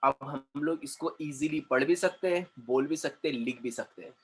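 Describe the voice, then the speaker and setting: A man with an Indian accent teaching an English lesson, who repeats words slowly and switches into Hindi to explain. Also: on the high side, noisy background. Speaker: communication trainer.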